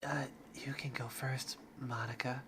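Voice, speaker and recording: A man's voice: mid-range voice, measured pace, slight background noise. A man whispering as a shy anxious girl. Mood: timid. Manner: hushed, breathy, apologetic. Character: shy, anxious teenage girl, soft-spoken. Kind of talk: whispered role-play.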